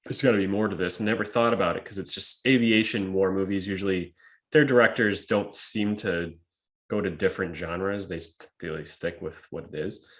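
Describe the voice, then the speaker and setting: A man's voice: low voice, fairly even intonation, moderate pace, fairly bright tone. A young man co-hosting a podcast, talking casually, swearing freely and laughing a lot. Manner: swears a lot, laughs, jumps into put-on doll voices. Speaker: podcast co-host. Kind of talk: casual chat.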